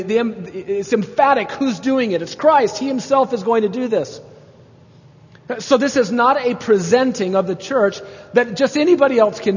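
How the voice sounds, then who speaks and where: A pastor preaching a sermon with emphasis, building to exclamations as he makes his points. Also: sits high. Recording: dull sound with long hall reverb.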